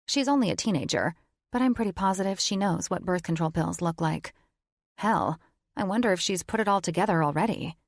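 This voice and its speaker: A woman with a fairly low, creaky voice narrates a first-person romance audiobook as a wry, conversational inner monologue. The studio-quality recording has no echo.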